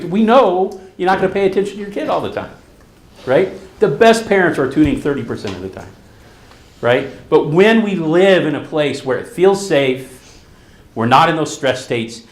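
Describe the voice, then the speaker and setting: With a fairly high voice and a reverberant sound, a middle-aged man who works as a therapist speaks at a conference hall. His storytelling is animated, and he dramatizes each quote.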